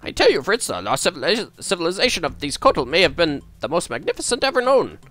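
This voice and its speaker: Squawking parrot mimic, bright, wildly varied pitch, faint music behind. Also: male voice, very animated, quick pace. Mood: squawking, theatrical. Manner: squawks, mock German accent, shrill. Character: squawking male parrot mimicking a mad scientist.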